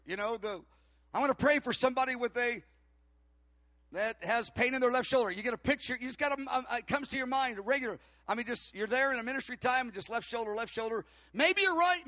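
Preacher, male, high bright voice, dry close sound, storytelling sermon. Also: dry recording. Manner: storytelling, acts out dialogue, animated. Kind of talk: sermon with anecdote.

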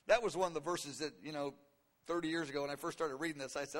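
A man in his fifties preaching a sermon in an animated way, acting out voices in the story with sudden leaps in pitch. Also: fast, long reverb tail. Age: 50s.

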